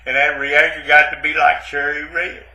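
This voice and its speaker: A man's voice: fairly high pitch, flat delivery, normal speed, pushed and bright, roomy sound, rough recording. A man playing a rambling, self-pitying ex-Navy man who stammers and keeps saying "man" in a comic monologue. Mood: mournful. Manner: rambling, repeats "man" and "but anyway", stammers.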